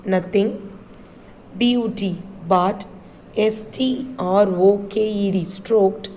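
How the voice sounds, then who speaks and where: A woman teacher, reading a textbook passage aloud slowly and spelling each word letter by letter for a class. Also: mid-range voice, dark tone, a little hiss or hum, rough recording. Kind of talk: slow reading lesson, spelling words letter by letter.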